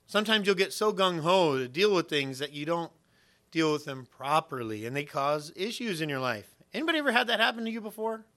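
A man preaching a sermon in a bright, forceful voice that sits a little high. He teaches from scripture with everyday examples and jumps into quick acted-out voices. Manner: animated preaching with everyday illustrations and acted-out quotes. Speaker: pastor.

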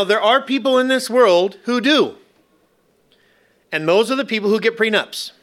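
A man preaching a sermon to a church congregation, with slow, emphatic phrasing broken up by playful asides. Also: high-pitched, pushed and bright. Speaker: pastor.

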